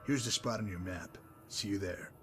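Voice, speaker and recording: A man voicing a smug, sardonic male messenger-mercenary in a game, dry and mocking in manner, wordy and unhurried. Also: on the low side, loud music behind the voice, close to an everyday voice. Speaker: game character. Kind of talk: voiced game dialogue.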